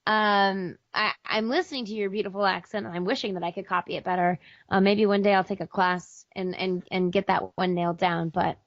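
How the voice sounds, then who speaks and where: A woman's voice: mid-range voice, steady tone, fairly quick, hardly any pauses, dry recording. American woman, voice actor guest, rambling casual talk, dry close sound, dull lo-fi audio. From United States. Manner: rambling, many fillers and restarts. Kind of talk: casual interview chat.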